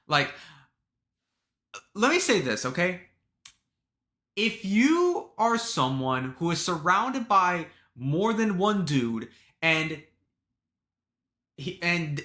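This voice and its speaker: A man talks fast and emphatically in a casual reaction commentary, often stopping and restarting. His voice is bright and forceful, a little higher than most men. The room gives it a noticeable echo. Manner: emphatic, lecturing, many restarts. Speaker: reaction streamer.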